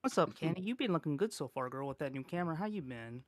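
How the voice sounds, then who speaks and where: A man delivering cheesy, smooth-talking pickup lines on a livestream. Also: on the high side, lively intonation, quick pace, no room sound. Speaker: flirting contest participant.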